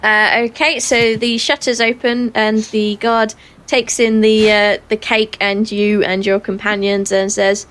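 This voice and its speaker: A woman narrating a tabletop game as game master, with many ums and pauses. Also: mid-range voice, level tone, fairly bright tone, a little hiss or hum.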